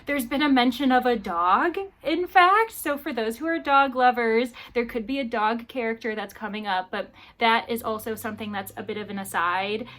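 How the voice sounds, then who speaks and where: A young woman chatting through a casual reading vlog, her voice sitting a little on the high side. She gushes about what she is reading, piling up quick asides and excited repeats. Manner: gushing, animated, quick asides. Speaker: book vlogger.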